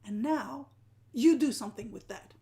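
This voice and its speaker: A woman, a live-streaming art journaling teacher who often sinks into a soft whisper and laughs at herself. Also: fairly high pitch, normal speed. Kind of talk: live-stream talk to viewers.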